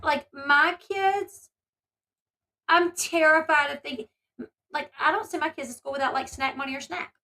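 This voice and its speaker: A woman with a high, bright voice talks through a commentary video. Her delivery rambles and turns emphatic and indignant, full of asides to her viewers. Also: normal speed. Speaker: commentary channel host; mother. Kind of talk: casual commentary.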